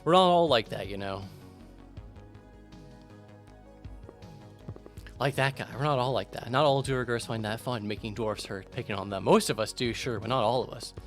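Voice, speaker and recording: A man voicing a gentle, downtrodden male alien shopkeeper in a game, talking softly and sadly. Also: mid-range voice, fast talker, soft background music, close to an everyday voice. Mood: earnest.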